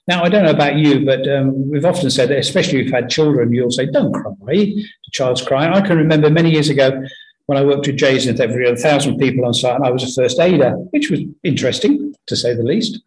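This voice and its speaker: A man giving an earnest, conversational sermon full of stories, often pausing and restarting his sentences. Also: mid-range voice, darkish tone, low-quality recording. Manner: earnest, anecdotal, halting with many restarts. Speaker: preacher.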